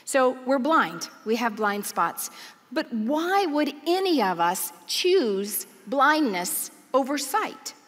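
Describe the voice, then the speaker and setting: A woman preacher giving a sermon, telling a story in an animated, earnest way. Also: high voice, slow, big-room sound. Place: large church auditorium.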